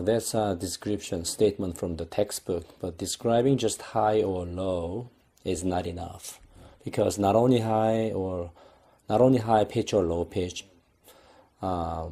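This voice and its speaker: A young man with a low, somewhat husky voice lectures at an unhurried pace, pausing often and rephrasing as he explains. His tone is dark and mellow throughout. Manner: unhurried explaining with frequent fillers and restarts. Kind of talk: recorded lecture.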